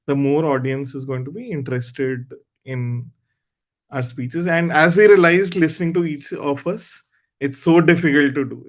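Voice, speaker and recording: A man hosting an online club meeting and leading a speaking exercise in a loose, conversational, encouraging way, heard over a video call. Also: medium pitch.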